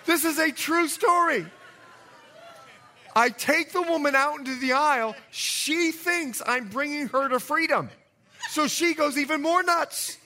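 A man preaching a sermon as pastor, telling a story with jokey asides and swinging between loud and hushed delivery. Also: very high-pitched, unhurried, a little hiss or hum.

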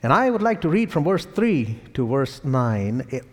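A man's voice: mid-range voice, moderate pace. A man with an Indian accent preaching a sermon, telling stories with chuckles between lines. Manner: animated storytelling with chuckles. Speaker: pastor. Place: church sanctuary. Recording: reverberant church hall.

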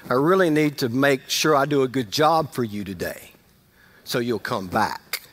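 Speaking at a moderate pace in a mid-range voice, a middle-aged pastor preaches conversationally. He gets loud to stress points and goes quiet for asides.

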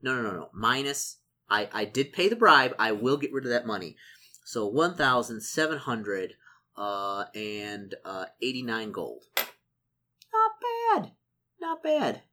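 Sex: man. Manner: excitable, muttering gamer. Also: on the low side, unhurried. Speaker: solo tabletop game player. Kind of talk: casual narration of a solo gamebook.

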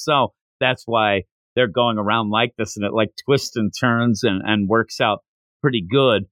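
Man, podcast co-host, casual manga chat, animated, bright forceful tone, dry close mic. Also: mid-range voice, moderate pace, no echo. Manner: animated, acts out characters' lines.

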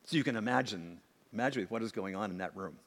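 A man preaching a sermon, swinging from emphatic acted-out quotes to hushed asides. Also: lowish voice, fast, a little hiss or hum. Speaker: pastor. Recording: long hall reverb.

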